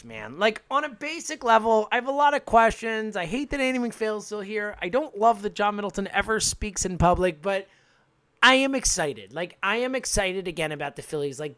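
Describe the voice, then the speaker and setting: A co-host on a casual sports podcast who argues emphatically, gets animated and laughs easily. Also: mid-range voice, moderate pace, no room sound.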